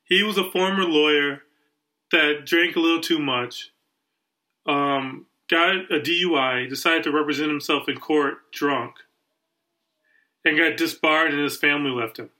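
This podcast co-host speaks at a measured pace in a fairly high pitch, and the recording is rough. He spins a lengthy, casual tale with animation, performing the quoted voices of its characters.

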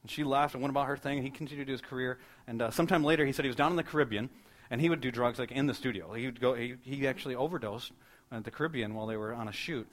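A male pastor preaching a sermon, telling a story fast and building to emphatic repeated lines. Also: medium pitch.

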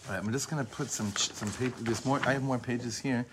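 A man teaching a casual religious class in a voice of ordinary middle pitch. He wanders from thought to thought, cuts himself off, and circles back to lean on a key phrase slowly. A faint hiss of noise sits under the voice. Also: steady tone. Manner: discursive, often restarts and corrects himself; leans on a phrase by repeating it slowly. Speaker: Torah teacher. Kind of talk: informal Torah class.

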